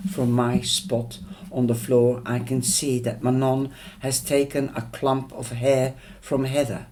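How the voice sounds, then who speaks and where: A man's voice: mid-range voice, monotone, a little slow, darkish tone, slight background noise. A man reading a novel chapter aloud, with small slips and restarts. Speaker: audiobook reader.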